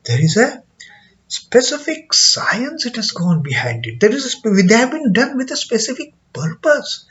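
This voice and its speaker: Man, Indian English accent, scripture lesson, high lively pitch, hesitant fillers, dull lo-fi recording. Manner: hesitant, many fillers and repeats, chants verses slowly. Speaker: scripture teacher.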